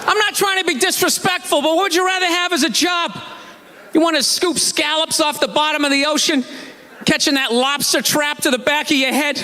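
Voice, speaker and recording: A man in his forties tears through a stand-up bit with mock outrage, his voice high and sharp. He bursts into shouts now and then. It is recorded live in a reverberant theater, with a faint audience underneath. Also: a little fast. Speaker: stand-up comedian. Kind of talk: stand-up routine. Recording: live hall with crowd laughter.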